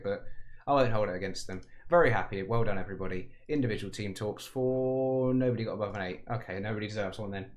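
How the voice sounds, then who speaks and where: A man with a lowish voice talks through a football management game in a loose, conversational way. He rambles, corrects himself and pokes fun at his own remarks as he goes. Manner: chatty, self-mocking, rambling asides. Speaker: gaming commentator. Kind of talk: casual game commentary.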